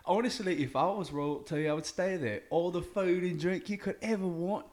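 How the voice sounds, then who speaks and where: A man's voice: sits high, normal speed, a little mellow, lightly acted. A man voicing a lazy, boastful Englishman in his thirties with a put-on English accent, swearing and tacking "mate" onto his lines in an improvised comedy bit. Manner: swears a lot, tags every line with "mate".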